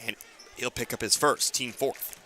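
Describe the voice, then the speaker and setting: A play-by-play announcer calls high school basketball for radio in a bright, forceful voice with fairly even intonation, hiccuping as he goes. He quickly rattles off passes and scores, slipping in dry, wry asides between plays. Faint gym noise and bouncing balls sit in the background.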